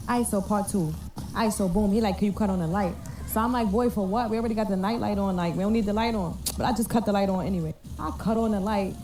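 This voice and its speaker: A woman casually telling a story to camera in a profane, slangy, animated way, recorded on a distant phone mic. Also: mid-range voice, quick pace.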